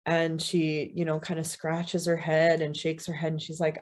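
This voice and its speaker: A woman speaker narrating a story in a talk, her voice sitting a little low. She tells it casually, with "you know"s, short pauses and soft laughs between lines. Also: completely flat delivery. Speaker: guest speaker.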